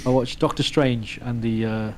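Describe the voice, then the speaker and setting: A man's voice: mid-range voice, steady tone, normal speed, darkish tone, slight background noise, rough recording. A man co-hosting a gaming livestream in casual chat, teasing playfully and stumbling through self-corrections. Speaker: co-host.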